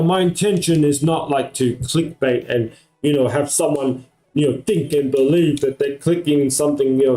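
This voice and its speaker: A man's voice: mid-range voice, mellow, low-quality recording. A man from Australia with an American-sounding accent, chatting casually on a live stream in a rambling way, full of fillers. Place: home at night.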